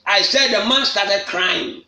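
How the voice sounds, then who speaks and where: A man preaches in a very high, lively voice that swings up into shouts and repeats each phrase. He speaks slowly and deliberately, and the sound is bright and carries an echo from the room. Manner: shouting, emphatic repetition. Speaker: apostle leading a prayer meeting. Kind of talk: fiery preaching. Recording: echoey room.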